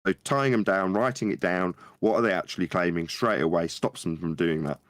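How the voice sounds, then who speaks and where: A man in animated podcast chat, who tells stories and acts out quotes in a high voice. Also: fairly quick, no room sound, clean studio sound. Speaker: podcast panelist. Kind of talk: casual chat.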